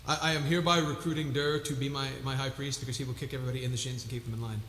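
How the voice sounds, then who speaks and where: A man's voice: medium pitch, little pitch movement, very fast, fairly bright tone, reverberant, big-room sound, a little hiss or hum. A man hosting a live music stream, chatting casually between songs in a chatty, self-mocking way.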